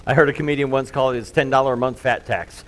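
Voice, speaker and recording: A man's voice: medium pitch, fairly even intonation, quick pace, a little hiss or hum, rough recording. A middle-aged man preaching a sermon in a loose, conversational way, full of fillers and self-deprecating asides. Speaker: pastor.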